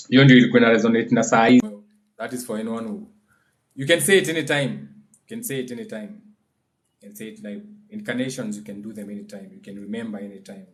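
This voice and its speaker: A Kenyan-accented man with a mid-range voice leads a casual livestream lesson as a spiritual teacher. His explanations are loose and chatty, and now and then he slowly chants phrases.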